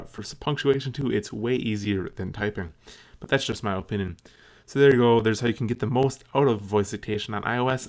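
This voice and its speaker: A young man casually explaining a tutorial step by step, slowing down when he dictates punctuation aloud. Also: on the low side. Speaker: tech video host. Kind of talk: screen tutorial with dictation demo.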